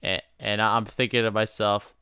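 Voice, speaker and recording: A man chats loosely about movies, laughing often and trailing off mid-thought. His voice is bright and crisp, recorded close in a dry space. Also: on the low side, level tone, moderate pace, no echo. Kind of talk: casual comedic chat.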